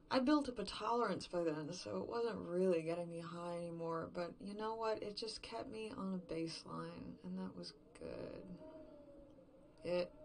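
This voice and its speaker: Casting: actress as a bitter, grieving woman alone, low gravelly voice, slow hushed halting monologue for audio drama. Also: noisy background. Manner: halting, hushed, fragmented delivery. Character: lonely grieving woman, bitter and self-mocking.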